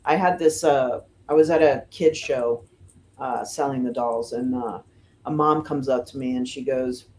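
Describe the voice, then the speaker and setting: A middle-aged woman from the United States, a fire lieutenant, telling stories casually in an interview, with lots of "you know" and "um" and lively voices for the people she quotes. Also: rumbling low, measured pace. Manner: chatty, fills with "you know" and "um", animated retelling of quotes. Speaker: firefighter lieutenant and guest.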